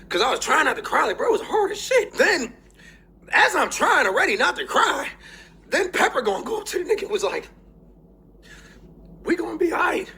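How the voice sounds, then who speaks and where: A young man in a casual review vlog talks in a high, bright voice that swings widely up and down. He tells the story excitably, with plenty of swearing and laughter. He sounds tearful, fighting back crying. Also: normal speed, pauses often. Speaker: YouTuber reviewing a movie.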